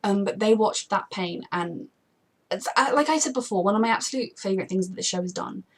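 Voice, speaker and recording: A young woman hosting a casual TV reaction chat, gushing and rambling with many fillers and quick laughs. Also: medium pitch, animated. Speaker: TV reaction channel host.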